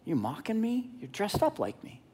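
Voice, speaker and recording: Man playing wronged hunter brother, indignant, accusing, raised pitch, quiet. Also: big pitch swings, fast talker, slightly rough.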